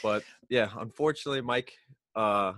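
A man's voice: medium pitch, animated, fairly quick, fairly bright tone, no echo, clean studio sound. A man hosting a casual chat, jokey and ribbing, laughing often. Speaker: podcast host.

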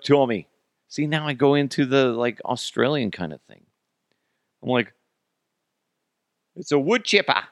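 A man's voice: fairly low pitch, vocal fry, a bit bright, no room sound. A man in his thirties hosting a casual solo podcast, rambling, swearing often and mocking himself, on a close mic. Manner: rambling, profane, self-mocking. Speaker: podcast host.

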